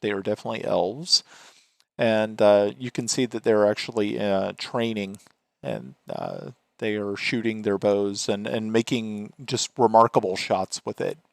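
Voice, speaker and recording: A man's voice: on the low side, expressive, a little slow, vocal fry, no room sound. A man narrating as game master of a tabletop game, hesitant and full of fillers.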